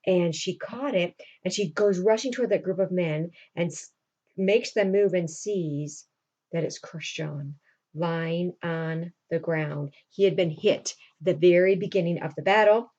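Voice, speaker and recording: A woman teacher walks her class through a play in a loose, chatty manner, stopping to put questions to the students. Her voice is dark and mellow, and the recording sounds dull and lo-fi. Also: lowish voice, a little slow.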